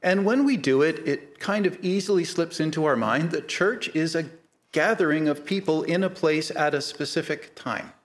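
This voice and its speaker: A middle-aged man preaching a sermon, earnest and measured, slowing down to stress key points. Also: a little high. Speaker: pastor.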